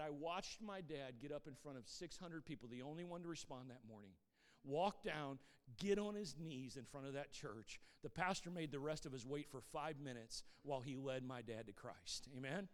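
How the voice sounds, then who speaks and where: A man's voice: fairly high pitch, long reverb tail. A middle-aged male pastor giving a sermon with a personal testimony, telling his story earnestly, stumbling over repeated words and asking the congregation "Amen?". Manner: calls himself reserved by default.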